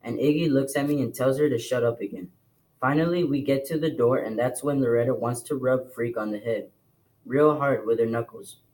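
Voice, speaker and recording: A man reading a novel aloud to a class in plain, steady storytelling. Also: medium pitch, normal speed, low-quality recording. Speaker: reader.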